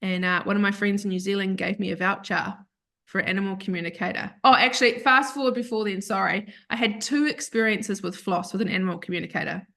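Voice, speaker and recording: A woman's voice: mid-range voice, steady tone, quick pace, gravelly, fairly bright tone. A woman, a podcast guest, telling a heartfelt personal story in a rambling, self-correcting way that turns tearful at times. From Australia.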